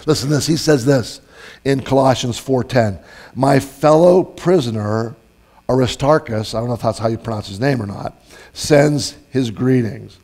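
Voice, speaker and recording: A pastor with a mid-range, darkish voice delivers a church sermon at a moderate pace. He tells stories in a loose, chatty way, often restarting and using fillers.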